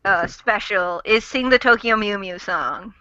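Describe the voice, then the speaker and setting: A woman hosting a casual fan chat, chatty and quick to apologize, with a giggly manner. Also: medium pitch, pushed and bright. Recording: dull lo-fi dry recording.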